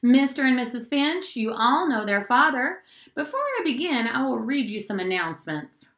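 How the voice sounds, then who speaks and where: A woman's voice: high-pitched, very animated, normal speed, fairly bright tone, voice pushed up, exaggerated voice. A woman voicing a stern small-town male preacher who reads formal announcements to his congregation. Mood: solemn. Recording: roomy echo.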